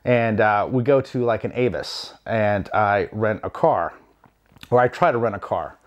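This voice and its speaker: A man's voice: on the low side, unhurried. A man from the United States telling a rambling personal travel story in a wry, self-deprecating way, with lots of fillers and asides. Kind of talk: casual storytelling. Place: home.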